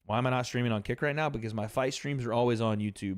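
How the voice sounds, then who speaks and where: Brief: male streamer, mid-pitched, loose profane banter with his chat, dry close sound. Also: fast, few pauses, no room sound. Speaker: livestream host. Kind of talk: casual fight watch-party commentary.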